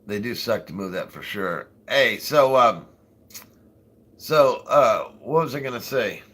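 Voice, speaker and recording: A man with a husky, bright-edged voice chats loosely on a livestream. He rambles from one story to the next, swears freely and laughs a lot. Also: lowish voice, lively intonation, a little slow. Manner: rambling, profane, laughs often. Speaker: livestream host. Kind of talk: casual livestream chat.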